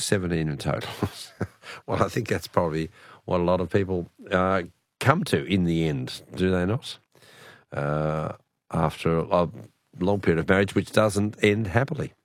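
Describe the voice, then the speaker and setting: A man's voice: low-pitched, no echo. A middle-aged Australian man hosting talkback radio in a studio, chatty, affable and musing. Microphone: studio mic.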